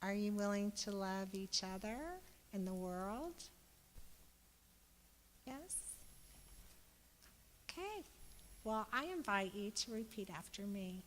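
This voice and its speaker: A woman giving a Sunday sermon, speaking slowly and gently, then growing loud and exuberant as she leads the congregation. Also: mid-range voice, a little hiss or hum. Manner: slow, gentle preaching that turns loud and exuberant when leading the congregation. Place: church sanctuary. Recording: reverberant church hall.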